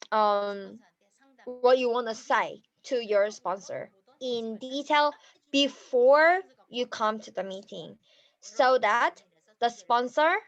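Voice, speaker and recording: Female trainer, high voice, animated, laughs and acts out examples, loose non-native english. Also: no room sound, muffled recording. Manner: slightly non-native, ungrammatical phrasing. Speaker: business trainer. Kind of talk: training talk.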